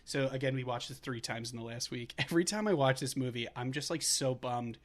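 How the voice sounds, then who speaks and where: Speaking fairly quickly in a mid-range voice, a man co-hosts a movie podcast. He recaps a film casually and ramblingly, correcting himself and laughing often.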